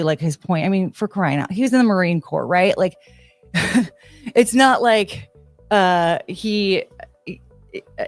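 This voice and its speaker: Excitable woman host chatting with her stream at home, rambling, mid-range voice, faint music in the background. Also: mid-range voice, no room sound. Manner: rambling, excitable, trails off and restarts. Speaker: livestream host reading chat. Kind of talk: casual livestream chat. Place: home, near her kitchen.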